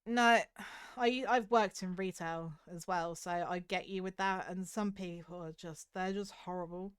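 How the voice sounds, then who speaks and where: A young woman from the south of the UK with a Southern English accent, chatting openly with her stream viewers in a soft, candid, self-critical way with hesitant restarts. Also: on the low side, fairly even intonation, unhurried, clean tone, no room sound, studio quality. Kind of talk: casual chat with stream viewers.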